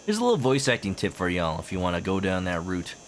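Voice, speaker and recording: A man's voice: low voice, huge pitch swings, quick pace. A man streaming a video game, chatting casually and explaining things to his viewers as he plays. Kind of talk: casual live-stream commentary. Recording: game music underneath.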